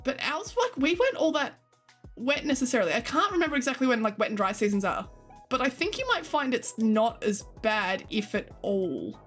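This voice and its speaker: Chatty Australian woman streamer, higher voice. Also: big pitch swings, moderate pace, soft background music. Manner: chatty, swears freely, laughs often, reads chat aloud. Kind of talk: casual chat with live chat.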